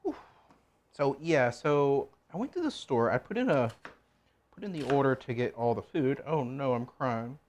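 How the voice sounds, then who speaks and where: Here the cooking vlogger sounds very animated, his medium-pitched, slightly mellow voice moving at a moderate pace. He rambles and cracks jokes to himself and viewers while chopping in his home kitchen, with a little hiss or hum audible.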